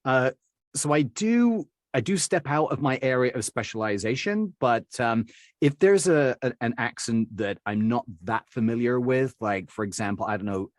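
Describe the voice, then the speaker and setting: A man's voice: medium pitch, expressive, normal speed, dry recording, clean studio sound. Rambling middle-aged male dialect coach. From Birmingham, England. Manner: rambling, with many fillers and restarts. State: recovering from covid. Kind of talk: conversational interview answers.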